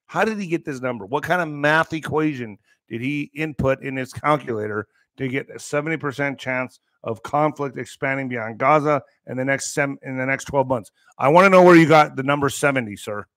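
Ranting about the news as he reads it aloud, this middle-aged host from the US border region swears, sneers and stays emphatically sarcastic. He speaks at a normal speed with few pauses in a medium, slightly bright voice, and the studio sound is clean with no echo.

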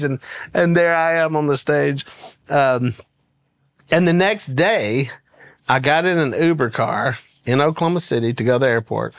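A man telling a lively anecdote in casual talk, often laughing and acting out what others said. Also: a little high, normal speed, dry recording. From American South. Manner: animated, laughs through his story, acts out quotes. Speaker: guest storyteller.

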